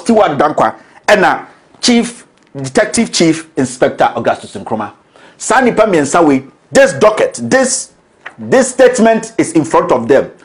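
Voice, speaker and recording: Combative Ghanaian man with a lively pitch. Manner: combative, accusatory, emphatic. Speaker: show host. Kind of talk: political commentary.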